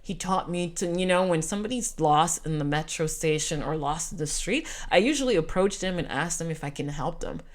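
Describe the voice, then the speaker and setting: A woman's voice: deep voice, lively intonation, a little fast, hardly any pauses. A Canadian woman in her forties telling a personal travel story to camera in an emotional, repetitive, heartfelt way. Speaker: vlogger. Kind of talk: storytime monologue.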